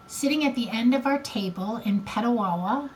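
A woman's voice: fairly high pitch, moderate pace, a little hiss or hum. An older woman co-hosting a podcast, telling a family story in a rambling, emotional way. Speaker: podcast co-host. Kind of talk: casual chat.

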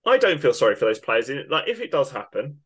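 A man's voice: mid-range voice, very animated, fast talker, fairly bright tone, husky. A man co-hosting a football podcast, ranting with emphatic indignation. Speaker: podcast co-host. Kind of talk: opinionated football podcast rant.

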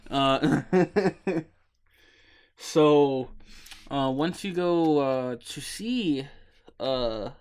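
A drowsy young man rambles through a video game story at an unhurried pace. He keeps stopping for ums and uhs and swears casually. His voice is smooth and clear. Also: a little high. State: sleepy, yawning. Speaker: podcast host.

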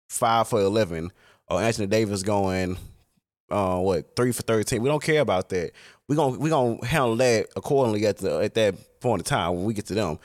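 A man talking casually in a reflective monologue, rambling and swearing freely. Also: lowish voice.

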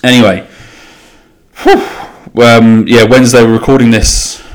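A man's voice: medium pitch, little pitch movement, unhurried. A young man from England hosting a casual solo podcast, chatty and rambling, swearing freely and restarting his sentences. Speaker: podcast host.

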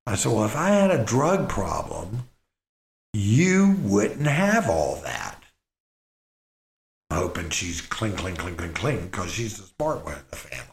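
A middle-aged man casually telling a personal story in a rambling, halting way, full of restarts and fillers. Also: low-pitched, big pitch swings. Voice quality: gravelly. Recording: roomy echo.

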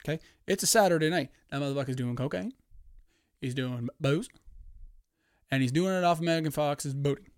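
Brief: rambling male podcast host with a slightly high, clear voice, swears often. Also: moderate pace, pauses often, no room sound, clean studio sound. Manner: profane, animated, rambling. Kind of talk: casual solo podcast rant.

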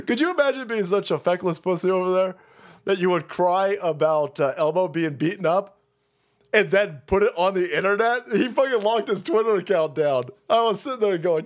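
A man's voice: high-pitched, normal speed. A man hosting a livestream, ranting in a profane, mocking way and laughing often. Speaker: livestream host.

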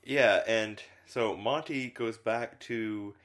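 A man's voice: lowish voice, slow pace, a bit bright. A man co-hosting a casual film podcast, rambling with lots of fillers and restarts. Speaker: podcast co-host reviewing films. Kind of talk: casual chat.

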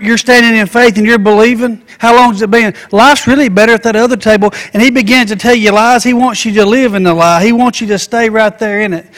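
A man with a strikingly high voice preaches a sermon, firing off rhetorical questions and slipping into little voices to act out everyday chatter. The recording carries a long hall reverb. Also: a bit bright.

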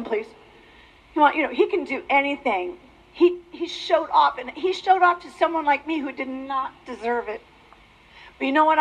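A woman in her forties giving an animated personal testimony and teaching on faith, with emphatic, preacher-like exhortations. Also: high-pitched, rough recording. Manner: animated storytelling, acts out quoted voices. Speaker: Christian speaker on pornography.

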